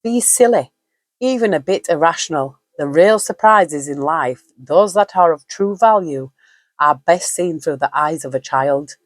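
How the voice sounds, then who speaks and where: A woman's voice: deep voice, normal speed, dry recording. A woman giving a casual spoken tarot reading, chatty and musing, with frequent fillers and easy laughs. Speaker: tarot reader.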